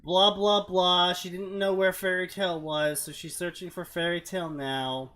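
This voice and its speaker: A man's voice: high-pitched, level tone, measured pace, bright, forceful tone. A man hosting a comedic fanfiction reading, chatting casually with laughter and exasperated dismissals. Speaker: fanfiction reading show host.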